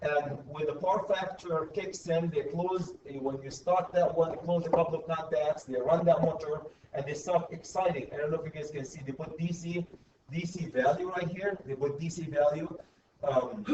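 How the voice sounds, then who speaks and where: A man's voice: a little high, fairly even intonation, normal speed, muffled recording, background noise. A man teaching an electrical class, often stopping to ask students for questions. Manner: repetitive, checks in with students often. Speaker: electrical instructor. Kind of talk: classroom lecture.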